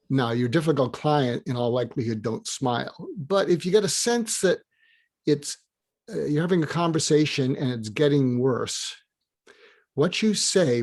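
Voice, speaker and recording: An older man, a guest in an interview, giving advice through lively stories and acting out both sides of conversations. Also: fairly high pitch. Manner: animated, acts out dialogue in quoted voices. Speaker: guest, psychiatrist and business advisor.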